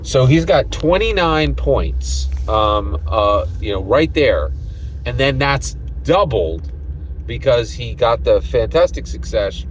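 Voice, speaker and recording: A man's voice: medium pitch, sing-song, slow, slight background noise, poor audio. A man working as game master, chatting casually through a recap of a tabletop game session with lots of "right?" asides. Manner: rambling, chatty, keeps asking "right?".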